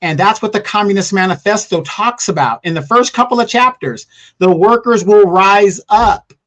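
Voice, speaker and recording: High-voiced man, emphatic political talk. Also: moderate pace, a bit bright. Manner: emphatic, rhetorical questions. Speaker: co-host. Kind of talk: political commentary.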